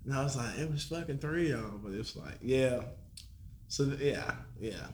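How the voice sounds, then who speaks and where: A man's voice: medium pitch, animated, moderate pace, a little mellow, echoey room, a little hiss or hum. A man casually telling a story on a podcast, laid-back and slangy, laughing and swearing as he goes. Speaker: podcast guest.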